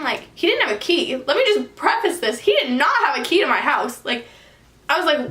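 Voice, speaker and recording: Brief: high-voiced young woman, casual storytime vlogger, bright edge, recorded from across an echoey room. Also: a little fast. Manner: animated, frequent "like" fillers. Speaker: vlogger telling a personal story. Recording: echoey room, distant mic, faint ambience.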